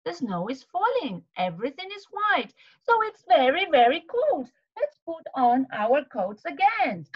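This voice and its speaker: Very animated woman retelling a children's story. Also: high voice, measured pace, lo-fi sound. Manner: animated, exaggerated, asks questions and gasps. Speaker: English teacher for children. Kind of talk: storybook retelling lesson for kids.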